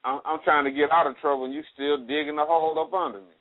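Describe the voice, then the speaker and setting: A man co-hosting a casual podcast, smoothing things over with compliments. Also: on the high side, fairly even intonation, fast, a loud crowd. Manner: smooth-talking, backpedaling with compliments. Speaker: co-host. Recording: tinny lo-fi phone-like sound with faint hiss.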